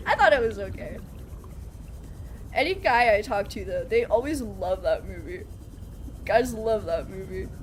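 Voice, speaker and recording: A woman's voice: mid-range voice, expressive, slow, long pauses, slight background noise. A woman streaming a video game live, chatting casually and playfully and laughing often. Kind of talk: casual live gameplay chat. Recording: game sounds audible behind voice.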